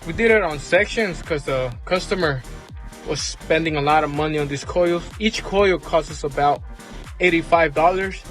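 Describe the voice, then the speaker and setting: Man mechanic, fairly high voice, informal how-to vlog walk-through, plain spoken. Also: normal speed, a bit bright, faint music behind. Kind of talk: casual how-to repair vlog.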